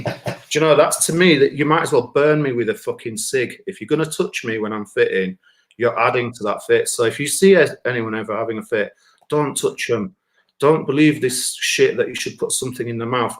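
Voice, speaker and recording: In a casual live stream chat, this musician-comedian speaks in a mid-range voice at a moderate pace. His storytelling is animated, blunt and full of swearing, with the characters' voices acted out.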